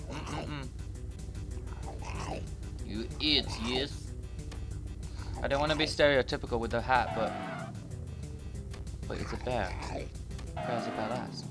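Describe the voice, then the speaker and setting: A man giving profane, excitable commentary while playing a game, with sudden yelled outbursts. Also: medium pitch, takes it slowly, pauses often. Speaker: gaming YouTuber. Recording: game music behind voice.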